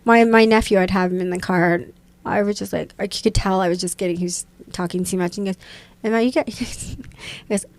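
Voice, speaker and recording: A woman in her thirties guests on a podcast, speaking briskly in a mid-range voice. She keeps things casual and animated, slipping into other people's voices as she relates anecdotes.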